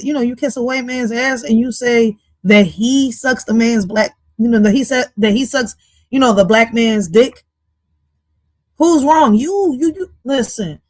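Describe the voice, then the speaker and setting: Higher-pitched woman, dry close sound; blunt, scolding reaction commentator. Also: no room sound. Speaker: reaction stream host.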